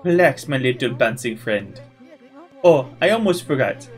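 A man voicing a flamboyant, smug male prophet in a game playthrough, with a broken mock French accent and a showy, drawn-out delivery. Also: medium pitch, lively intonation, soft background music, close to an everyday voice. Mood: smug, theatrical.

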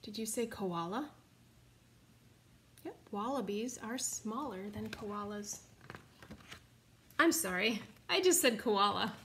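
A woman's voice: medium pitch, lively intonation, slow, pauses often, fairly bright tone, slight background noise. A woman reading a picture book aloud to children, chatting and asking them questions along the way. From United States. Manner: chatty, asks listeners questions. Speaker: storybook reader.

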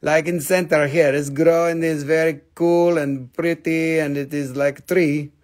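A man's voice: a little high, little pitch movement, measured pace, a little mellow, close to an everyday voice. A man putting on an Indian accent with broken English, playfully describing a rock. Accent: put-on Indian accent.

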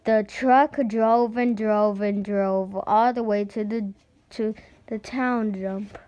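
A woman reading a children's picture book aloud, slowly and carefully, sometimes stumbling and restarting words. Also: medium pitch, steady tone, mellow, highs cut off. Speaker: storybook reader.

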